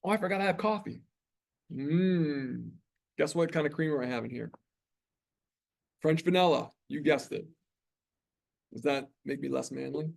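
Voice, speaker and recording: Give me a chatty male college lecturer from New York, teaching in a classroom. His voice sits a touch higher than most men's. He keeps it conversational and keeps checking in with the students. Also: normal speed, vocal fry, pauses often. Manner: conversational, chatty, with frequent tag questions.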